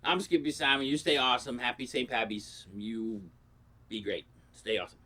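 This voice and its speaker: A man's voice: medium pitch, moderate pace, bright, forceful tone. A man rambling through crude, profane comic stories in a casual vlog. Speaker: comedy vlogger.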